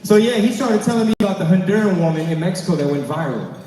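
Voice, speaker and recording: A man doing a lively stand-up comedy set, acting out the people in his stories. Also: high-pitched, fast. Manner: animated, acts out other people's voices. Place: large banquet hall with live audience. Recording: echoey hall, far from mic, crowd. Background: audience laughing.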